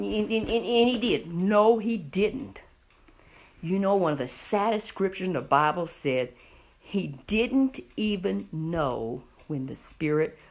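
A middle-aged woman telling a Bible story to children, animated and often asking the listener questions. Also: on the low side, gravelly, husky.

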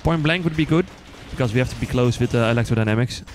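A man with a non-native accent chatting casually to viewers while playing, quick to excited outbursts and joking at himself. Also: medium pitch, a little hiss or hum. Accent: non-native English accent. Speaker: gaming channel host. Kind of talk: casual let's-play commentary.

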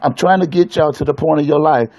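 A man's voice: on the high side, fast, mellow. A man, a pastor, preaching in an emphatic, colloquial way and speaking straight to his listeners on a live stream.

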